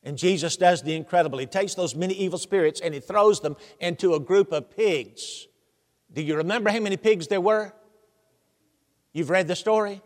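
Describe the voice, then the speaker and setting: A man with a high-sitting voice preaches at a moderate pace, telling the story animatedly and with humor while posing questions to the congregation. The recording carries a long hall reverb.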